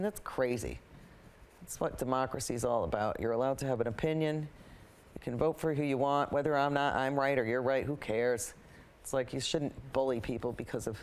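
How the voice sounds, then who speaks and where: A painting show host who chats casually while painting, rambling between opinions and work, often repeating points and restarting sentences with plenty of fillers. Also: medium pitch.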